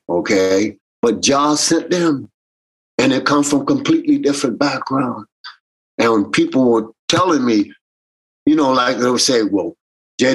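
Husky man telling stories. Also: mid-range voice, rough recording. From Jamaican American. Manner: animated, acts out quoted voices. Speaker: reggae bandleader. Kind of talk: casual interview storytelling.

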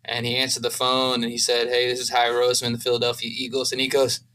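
A man's voice: mid-range voice, monotone, fast talker, pushed and bright, low-quality recording. A young man co-hosting a podcast, talking in a casual, earnest, emotional way. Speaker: podcast co-host. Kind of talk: casual chat.

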